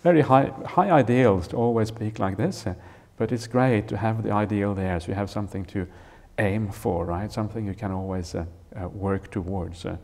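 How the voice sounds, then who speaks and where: A male Buddhist monk teaches at a retreat, explaining a scripture in a gentle, unhurried way. His voice sits low and sounds warm and relaxed. He fills pauses with "uh" and often checks in with a "right?". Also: vocal fry. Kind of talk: Dharma talk explaining a scripture. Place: retreat hall.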